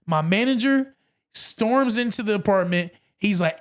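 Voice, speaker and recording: A man guest on a podcast, telling a story in a casual, animated way and acting out what others said. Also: sits high, a little slow. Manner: animated, acts out quotes, says bro a lot.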